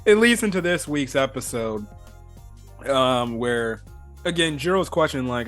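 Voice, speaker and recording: A man with a middle-pitched voice talks through an episode recap in a loose, chatty way. He rambles, restarts his thoughts and leans on fillers, getting excitable as he goes. Soft music plays faintly underneath. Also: takes it slowly. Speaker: anime reviewer. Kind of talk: casual episode review.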